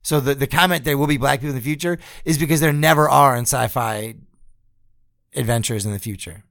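A man's voice: medium pitch, fairly quick, creaky, a bit bright, no room sound, clean studio sound. A man co-hosting a podcast, ranting in a casual, sarcastic and profane way. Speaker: podcast co-host. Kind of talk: casual chat.

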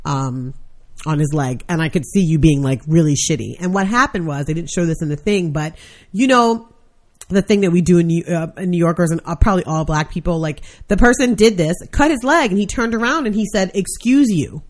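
A woman's voice: lowish voice, brisk. A woman co-hosting a casual podcast, recounting a news story bluntly with plenty of swearing. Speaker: podcast co-host. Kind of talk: casual chat.

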